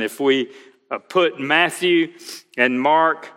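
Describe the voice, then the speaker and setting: A male pastor preaching a sermon, slow and emphatic, quoting scripture aloud. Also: fairly high pitch, a bit bright, long reverb tail.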